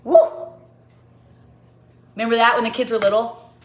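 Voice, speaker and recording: A woman's voice: on the high side, animated, moderate pace, fairly bright tone. A woman in her forties hosting a casual baking livestream from her home kitchen, playful and tripping over tongue twisters as she chats. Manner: playful, stumbling through tongue twisters and jingles.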